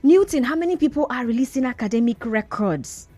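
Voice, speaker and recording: Nigerian woman, phone-in host, firm and brisk, slightly high voice, faint music under. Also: expressive, warm tone, no echo. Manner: brisk, firm, argues back at callers. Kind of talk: call-in radio talk.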